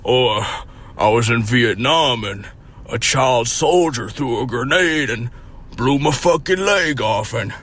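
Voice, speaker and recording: A man's voice: mid-range voice, expressive, unhurried, fairly bright tone. A man putting on the voice of an older man at a recovery meeting, mumbling and hesitant as he makes excuses. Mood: excuse-making.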